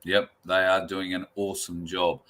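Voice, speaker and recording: A male talk show host with a very low voice. His tone is bright and forceful, and he speaks in a measured way, pausing on fillers as he gathers his thoughts. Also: little pitch movement.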